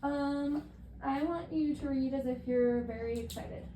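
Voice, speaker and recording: A woman's voice: high voice, unhurried. A woman casually coaching someone to read aloud in different voices, encouraging, with frequent fillers. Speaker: reading coach. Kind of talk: giving reading instructions. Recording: echoey room with faint ambient noise.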